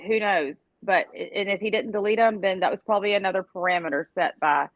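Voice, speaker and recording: A woman co-hosting a casual live chat, excitable and quick to swear. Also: mid-range voice, dry recording, lo-fi sound.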